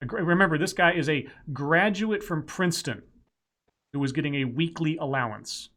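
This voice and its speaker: Man, fairly high voice, podcast co-host, reads news aloud, wry asides. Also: moderate pace, pushed and bright. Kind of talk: casual news chat.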